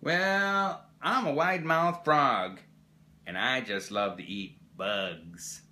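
Old guy doing a bragging little frog, high and loud, bouncy and proud. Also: steady tone, takes it slowly. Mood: boastful. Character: boastful wide-mouthed frog, small and cheerful.

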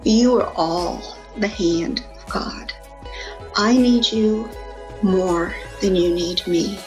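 A woman voicing a calm, solemn divine spirit, speaking in slow, measured pronouncements. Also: medium pitch, rough recording.

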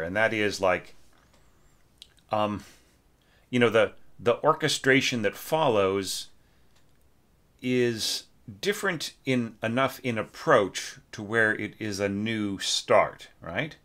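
A man's voice: on the low side, lively intonation, slow, fairly bright tone. A man teaching orchestration, giving a casual spoken critique of a student's score, thinking aloud with hesitant restarts. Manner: sings short phrases on nonsense syllables.

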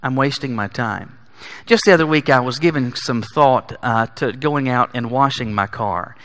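A man preaching a sermon, emphatic and building to forceful peaks. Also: mid-range voice, moderate pace. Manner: emphatic, rising to forceful peaks on key lines. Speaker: pastor. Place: church sanctuary. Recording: long church hall reverb.

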